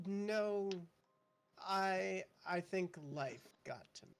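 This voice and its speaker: A man doing a slow, posh druid. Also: high voice, lively intonation, gravelly, slight background noise, exaggerated voice. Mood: composed. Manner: slow, deliberate, formal speech. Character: calm posh male druid, measured and knowing.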